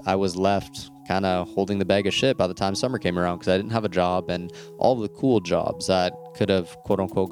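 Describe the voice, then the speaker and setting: Low gravelly man telling a story. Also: darkish tone. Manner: candid, swears freely, laughs mid-sentence. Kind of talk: personal storytelling monologue.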